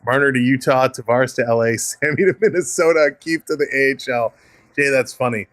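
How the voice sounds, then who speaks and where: With a Canadian accent and a brisk, slightly bright mid-range voice, a man hosts a live hockey stream, blending play-by-play with friendly replies to chat. He's upbeat and chatty, chuckling often and thanking viewers by name. There's no room sound.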